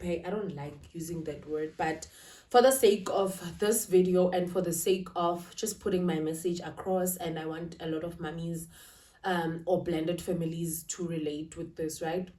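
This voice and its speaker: A woman's voice: lowish voice, warm tone. A woman talking to camera about family life in a confiding, emotional way, often asking "right?" and speaking. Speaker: vlogger. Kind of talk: casual talk to camera. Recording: roomy, slightly distant.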